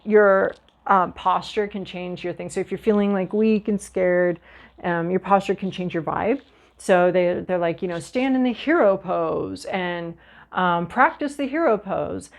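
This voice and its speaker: A woman gives a loose, conversational tarot reading, speaking straight to the listener. Her pitch sits in a middle range for a woman. She stays animated and often slips into playful little voices and asides. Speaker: tarot reader. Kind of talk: casual spoken tarot reading.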